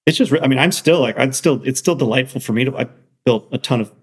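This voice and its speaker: A man being interviewed as a software founder, talking casually with lots of restarts and excited asides. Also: medium pitch, fast talker, slightly rough.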